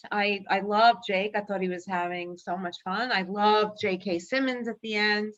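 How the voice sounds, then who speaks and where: A woman's voice: mid-range voice, fairly even intonation, moderate pace, dull audio. A woman with a New York accent giving frank, opinionated views in casual chat. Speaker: podcast panelist.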